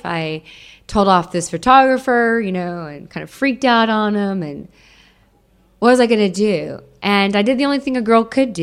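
A woman's voice: medium pitch, smooth. A young adult woman giving an emotional personal testimony to an audience, repeating phrases for emphasis.

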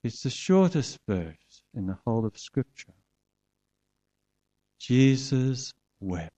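A man's voice: medium pitch, big pitch swings, normal speed, warm tone. A man preaching a sermon, earnestly retelling a scripture story and acting out its voices.

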